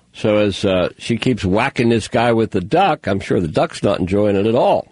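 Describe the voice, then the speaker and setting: A man's voice: fairly low pitch, vocal fry, darkish tone, breathy edge, no echo. Sarcastic rambling male talk host. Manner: sarcastic, rambling, mocking asides. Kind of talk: casual news commentary monologue.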